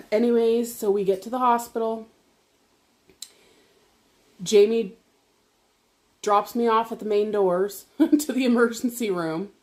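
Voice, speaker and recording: A woman vlogger telling a personal story while eating dinner, chatty and animated, laughing often and swearing casually. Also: medium pitch. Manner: animated, talks to viewers directly.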